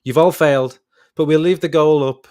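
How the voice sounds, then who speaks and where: A young Irish man co-hosting a podcast, chatting in a relaxed, talkative way. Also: a little high, normal speed. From Ireland. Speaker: podcast co-host. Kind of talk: casual chat.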